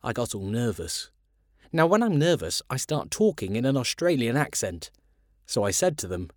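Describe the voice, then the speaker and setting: A man reads children's stories aloud with a playful, animated delivery. His pitch rises and falls in wide, lively swings around a mid-range voice. The sound is close and dry. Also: normal speed, no room sound. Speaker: reader.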